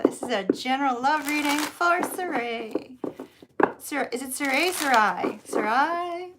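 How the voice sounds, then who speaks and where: A chatty middle-aged woman with a Southern US twang hosts a live-stream tarot reading. Her voice sits a bit high, and her talk is bubbly and repetitive, with slow, stretched phrases. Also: lively intonation, heavy background noise. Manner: chatty, bubbly, drawn-out words. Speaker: tarot reader.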